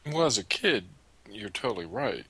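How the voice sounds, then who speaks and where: A man co-hosting a casual podcast, teasing in a deadpan way and swearing freely. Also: lowish voice, normal speed, gravelly, husky, no echo. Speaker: podcast co-host. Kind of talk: casual banter.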